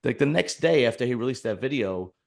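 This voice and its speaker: A man's voice: medium pitch, expressive, fairly quick, vocal fry, a little mellow. A man hosting a podcast in casual chat, rambling and blunt with many restarts. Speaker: podcast host.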